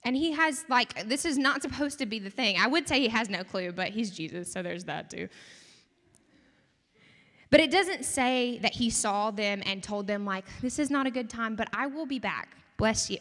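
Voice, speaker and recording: A young woman preaches in a chatty, animated way, often turning to the audience with questions. Her voice sits a little high, and a long reverb trails each phrase as if she is in a large hall. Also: normal speed. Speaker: campus ministry speaker. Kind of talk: sermon.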